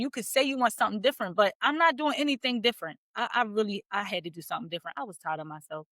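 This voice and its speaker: A woman's voice: mid-range voice, very fast, few pauses, a bit bright, no room sound. A woman in her thirties from Philadelphia, a podcast guest who talks candidly about herself, laughing easily as she retells her experiences. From Philadelphia, USA. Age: 30s. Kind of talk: casual personal storytelling.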